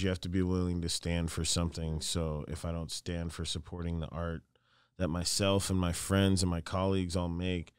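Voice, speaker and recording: A man's voice: deep voice, clear, resonant tone, no room sound, studio quality. An American man, a guest artist, chatting casually and telling stories animatedly. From United States. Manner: animated storyteller. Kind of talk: casual podcast chat.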